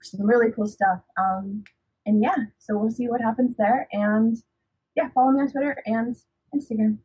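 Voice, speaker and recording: A woman's voice: a little high, fairly even intonation, moderate pace, mellow, breathy edge, poor audio. A woman guest on a podcast, chatty and upbeat as she plugs her work. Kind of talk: casual podcast chat.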